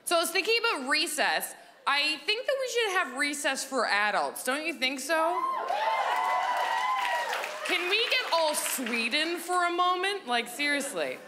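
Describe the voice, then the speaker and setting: A woman in her thirties performing a goofy stand-up set on a theatre stage into a handheld microphone, slipping into squeaky and whispery character voices. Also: very animated, a little slow, a crowd in the background. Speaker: stand-up comedian. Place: comedy theatre stage with audience. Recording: live theatre recording with audience noise.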